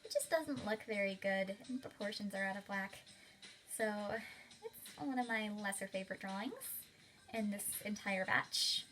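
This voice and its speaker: A woman's voice: mid-range voice, moderate pace, a bit bright, rough recording. A young woman casually talking over her sketchbook drawings, chatty and gushing, with lots of fillers. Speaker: artist showing her sketchbook. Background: faint background music.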